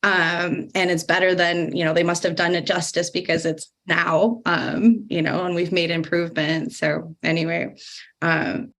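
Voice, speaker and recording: A woman hosts a podcast panel in a relaxed, conversational manner, thinking out loud as she goes. Her voice sits a little low for a woman. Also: moderate pace, vocal fry. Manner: casual, reflective talk with many fillers. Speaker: podcast moderator.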